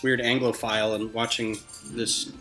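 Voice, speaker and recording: A man's voice: lowish voice, flat delivery, normal speed. A man hosting a livestream from home, chatting casually and joking while building brick models. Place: home, indoors. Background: background music.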